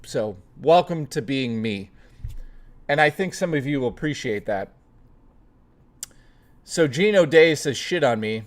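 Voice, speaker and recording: A man's voice: mid-range voice, expressive, measured pace, pauses often. A man hosting a casual chat stream, rambling and joking with plenty of swearing, greeting chat readers by name. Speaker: livestream host.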